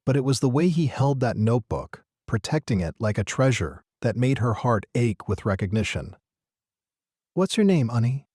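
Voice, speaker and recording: A man narrating a scripted story in a steady, earnest manner. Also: medium pitch, moderate pace, few pauses, breathy edge, no echo, studio quality.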